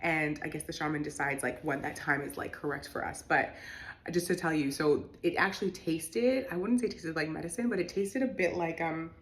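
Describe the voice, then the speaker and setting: Young woman, bilingual English and Spanish, casual storytelling, chatty with fillers, slightly low voice. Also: fairly quick. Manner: chatty, lots of "like" and fillers, animated when excited. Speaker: vlogger recounting her experience.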